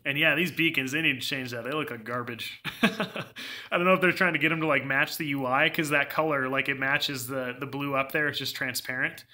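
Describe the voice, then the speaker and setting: A young game streamer gives casual live commentary on his gameplay, rambling through filler words and laughing a lot. His medium-pitched voice is bright and forceful, with fairly even intonation and a slightly fast pace.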